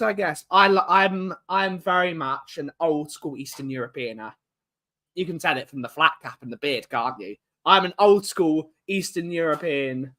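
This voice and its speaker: A man's voice: a little high, moderate pace, sharp tone. A man hosting a casual live-stream chat from home, greeting viewers in the chat one by one. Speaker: livestream host.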